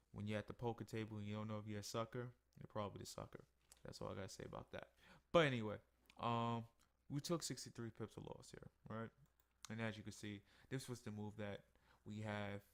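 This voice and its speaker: A man's voice: on the low side, smooth. A tired man going over his trading charts in a casual weekly review, yawning between points. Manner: tired, yawning, relaxed and conversational. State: sleepy. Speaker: forex trading analyst. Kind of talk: casual screen-share market review.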